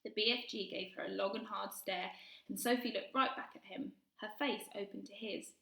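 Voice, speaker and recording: A woman reading a children's storybook aloud in soft, hushed narration. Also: medium pitch, steady tone, normal speed, gravelly. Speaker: reader. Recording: echoey room.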